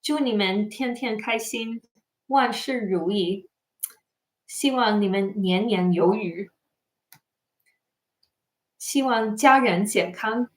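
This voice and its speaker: A woman's voice: mid-range voice, takes it slowly, pauses often, reverberant. A tired woman hosting a casual livestream, chatting and reading out viewer comments. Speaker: livestream host. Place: home in Japan.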